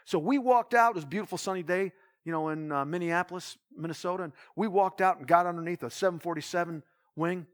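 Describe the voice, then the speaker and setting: A man's voice: high-pitched, fast. A man, a pastor, telling a personal story in a sermon, acting out dialogue with lots of restarts. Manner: animated retelling with quoted dialogue, restarts.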